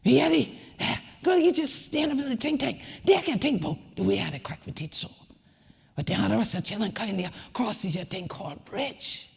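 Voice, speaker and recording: A woman with a Gullah Geechee accent, from the Sea Islands, giving a rhythmic spoken-word keynote that swings between whispers and shouts. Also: mid-range voice, lively intonation, a little fast, gravelly, slightly rough, in a large hall. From Sea Islands of the American Southeast. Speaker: community leader and keynote speaker.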